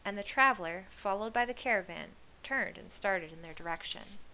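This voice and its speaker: Woman, read-aloud host, lively narration, bright tone, faint hiss behind. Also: medium pitch, moderate pace. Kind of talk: reading a novel aloud.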